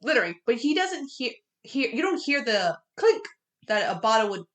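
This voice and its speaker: Podcast co-host, woman, fairly high voice, chatty casual recap full of fillers. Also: big pitch swings, moderate pace, fairly bright tone. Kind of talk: casual movie review chat.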